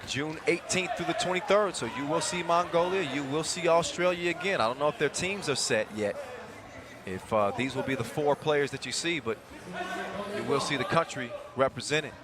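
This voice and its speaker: A man calling a basketball game live, with a slightly high voice and a loud crowd roaring behind him. He talks fast and cracks jokes between plays, and his voice jumps up on the big moments. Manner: quick, jokey, excitable calls. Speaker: play-by-play commentator.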